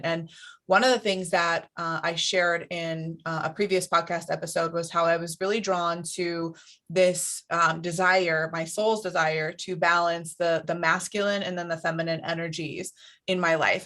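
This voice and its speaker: A woman's voice: lowish voice, a bit bright. A woman hosting a podcast interview, talking in an enthusiastic, effusive way. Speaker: podcast host.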